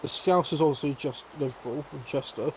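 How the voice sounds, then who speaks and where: A man's voice: fairly high pitch, a little fast, a little hiss or hum, low-quality recording. A man hosting a casual game stream, rambling with lots of "like" as he explains things. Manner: rambling, heavy on filler 'like'. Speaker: streamer host. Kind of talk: casual gaming stream chat.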